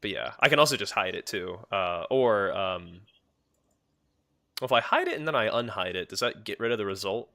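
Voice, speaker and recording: A man's voice: on the low side, lively intonation, moderate pace, pushed and bright. A young man streaming a game, chatting casually with his viewers in a rambling way. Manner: rambling, talks to chat, many fillers and restarts. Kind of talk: casual live-stream chat.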